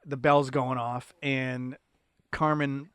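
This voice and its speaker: A man co-hosting a casual movie review podcast, who laughs often and summarizes the plot in a relaxed way. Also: mid-range voice, slow, clean tone, no echo. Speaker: podcast co-host.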